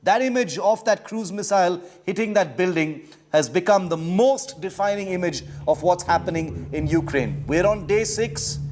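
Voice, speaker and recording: Male anchor, higher voice, urgent emphatic live-news read. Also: normal speed, few pauses, darkish tone, slight background noise. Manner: emphatic, urgent broadcast delivery.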